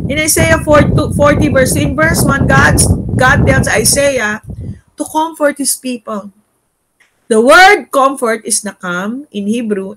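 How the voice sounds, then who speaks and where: A woman's voice: high-pitched, a bit bright, a little hiss or hum, poor audio. A woman with a Filipino accent leading a Bible study, mixing English with Tagalog tag questions.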